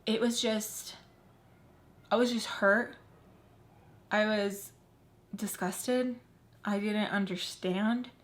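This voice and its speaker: A woman's voice: medium pitch, fairly even intonation, extremely slow, pauses often. A woman vlogger telling a personal story while doing her makeup. She talks casually and bluntly, swears freely, and acts out what people said. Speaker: beauty vlogger.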